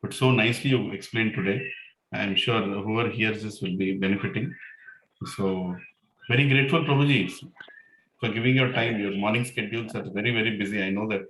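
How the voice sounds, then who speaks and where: A man's voice: fairly low pitch, steady tone, fairly quick, a bit bright, roomy sound, a little hiss or hum, poor audio. A man hosting an online class, talking casually and rambling with many fillers. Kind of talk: casual storytelling and closing thanks.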